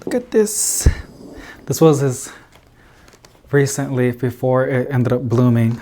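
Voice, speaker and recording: A man's voice: medium pitch, lively intonation, normal speed, a little mellow. A man chatting casually to camera as a plant vlogger in an indoor plant room, rambling with lots of fillers and little laughs.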